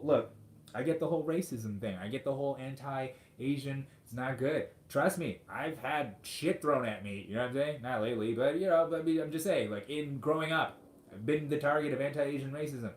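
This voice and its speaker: Guy in his 40s ranting and swearing on his podcast, sarcastic, echoey room. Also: medium pitch. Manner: profane, sarcastic, animated rant. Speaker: podcast host. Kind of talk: ranting monologue. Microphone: studio microphone. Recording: roomy echo.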